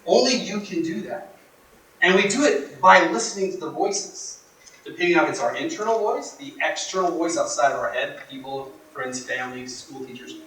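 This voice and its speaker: A man giving a motivational workshop talk, telling stories in a dramatic, emphatic way that swings from hushed to loud. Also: on the high side, lively intonation, moderate pace. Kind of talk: storytelling speech to a live audience. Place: workshop room. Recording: echoey room from far off.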